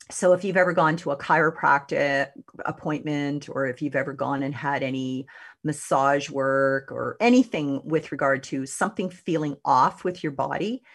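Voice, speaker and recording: A middle-aged woman with a low voice hosts a radio show. She talks to her listeners in a loose, chatty way, laughing now and then and letting out lively exclamations. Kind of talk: casual motivational talk.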